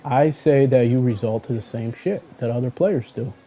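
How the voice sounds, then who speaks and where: A man's voice: medium pitch, expressive, a little fast. A man streaming an online football game, commenting as he plays and arguing back at his opponent. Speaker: gaming streamer. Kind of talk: live gameplay commentary. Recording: tinny phone-like sound.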